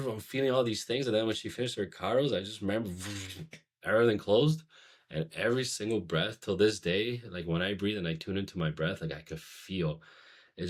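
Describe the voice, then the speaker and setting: Casting: deep-voiced male guest, loose rambling storyteller, full of fillers. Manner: rambling, heavy on "like", swearing, laughing. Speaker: podcast guest, former firefighter. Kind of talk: casual storytelling.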